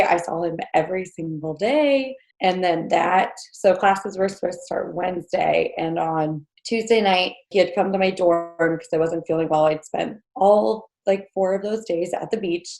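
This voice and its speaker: Lady from jersey telling her story, lots of um and like, slightly low voice, echoey room. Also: normal speed, creaky, hardly any pauses, a little mellow. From New Jersey. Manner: chatty, lots of fillers and nervous laughs. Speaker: podcast guest. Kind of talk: personal storytelling.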